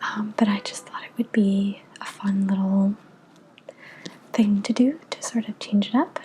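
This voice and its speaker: A young woman speaks entirely in a soft, unvoiced whisper for a relaxing ASMR book review. Her tone is mellow and her pitch sits in the middle. She moves gently and without hurry, pausing on small fillers. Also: steady tone, slight background noise, low-quality recording. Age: young adult.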